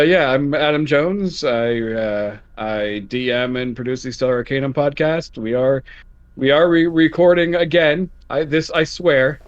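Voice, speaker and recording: A man's voice: on the high side, muffled recording. A man, a player in an online tabletop game, chatting enthusiastically and cracking jokes as he stumbles over words. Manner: enthusiastic, joking, self-interrupting. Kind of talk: casual chat about a tabletop game.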